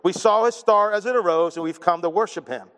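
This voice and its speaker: High-voiced man preaching in a big hall. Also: fairly quick, a bit bright. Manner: joking, self-deprecating asides. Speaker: pastor. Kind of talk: sermon.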